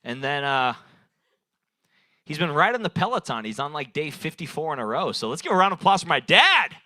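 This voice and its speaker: At an open mic on a small bar stage, a young man does loose, rambling improvised crowd work into a handheld stage mic, swearing and laughing at his own jokes. His voice is on the high side and sharp, with big pitch swings and a brisk pace, in a dry recording.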